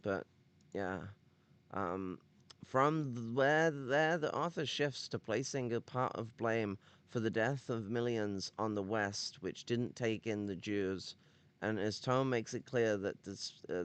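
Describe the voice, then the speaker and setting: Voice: mid-range voice, slow pace, smooth. A livestream host giving casual commentary on a text. They read quotes aloud and break off into rambling, profane, sardonic asides full of fillers and restarts.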